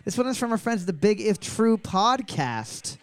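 A man's voice: sits high, big pitch swings, normal speed. A man hosting a trivia podcast, reading each question twice and joking between them. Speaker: trivia host. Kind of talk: casual podcast banter.

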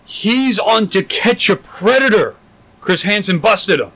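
A young man co-hosting a podcast, telling crude, rambling stories. His voice is bright and a bit high, and his pitch jumps around a lot. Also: animated, a little slow, poor audio. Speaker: podcast co-host. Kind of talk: casual crude chat.

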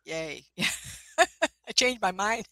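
A woman's voice: medium pitch, big pitch swings, very slow, sharp tone, no echo, poor audio. An older woman, a spiritualist minister and ghost investigator, telling rambling anecdotes in a casual chat, often laughing and restarting her sentences.

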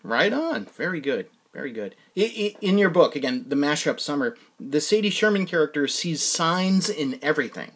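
Halting, higher-voiced male podcast host. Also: sing-song, fairly bright tone. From New England. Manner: halting, with frequent restarts and fillers. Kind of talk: casual interview.

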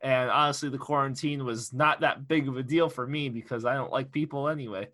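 A man's voice: mid-range voice, brisk. A young man co-hosting a podcast, telling a story with lots of laughs and swearing. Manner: animated storyteller, laughs often, swears freely. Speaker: podcast co-host. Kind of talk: casual podcast chat.

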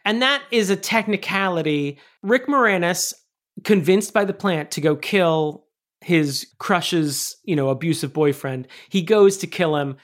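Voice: medium pitch, a little slow. Emphatic podcast co-host in casual chat. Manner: animated, emphatic, swears casually.

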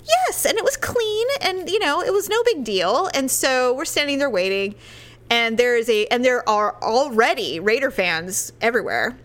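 A woman telling a story in casual chat, animated, with loud impressions of other people. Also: high-pitched, normal speed.

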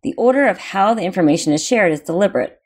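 A woman co-host reading a book chapter aloud in a steady way. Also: mid-range voice, fast.

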